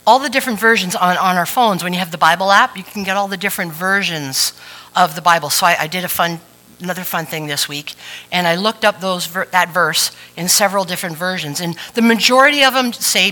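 A woman's voice: on the low side, fairly quick, sharp tone, rough recording. A woman preacher giving a chatty, playful sermon with asides to the congregation. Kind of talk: conversational sermon.

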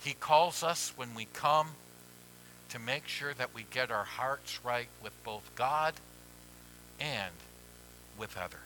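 Slow, bright-voiced preaching pastor. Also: male voice, mid-range voice, slight background noise, low-quality recording. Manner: slow, dramatic swings from hushed near-whispers to loud pleading. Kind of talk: sermon.

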